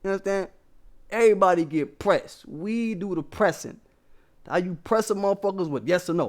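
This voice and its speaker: A man's voice: high-pitched, moderate pace. A man vlogging a casual story to his viewers, emphatic and profane, often checking in with them.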